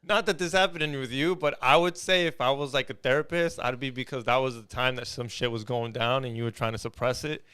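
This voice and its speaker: A man in easygoing podcast chat, relaxed and slangy. His voice is smooth and clean, pitched right in the middle. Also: fairly quick, hardly any pauses. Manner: relaxed, slangy, joking banter. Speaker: podcast co-host. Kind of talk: casual chat.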